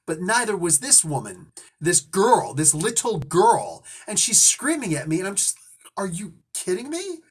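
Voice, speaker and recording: Husky man telling a story, indignant. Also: sits high, big pitch swings, normal speed. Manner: rambling, indignant. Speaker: host. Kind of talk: casual storytelling.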